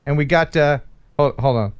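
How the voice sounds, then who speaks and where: A man's voice: fairly high pitch, moderate pace, smooth. A man, around his forties, hosting a casual live stream chat in a goofy, playful way and laughing often. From USA.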